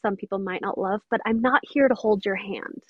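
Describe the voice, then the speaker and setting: A woman's voice: mid-range voice, brisk, no room sound, muffled recording. A woman mentor talking earnestly and emphatically in an interview. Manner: earnest, emphatic, quotes others often. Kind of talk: interview conversation.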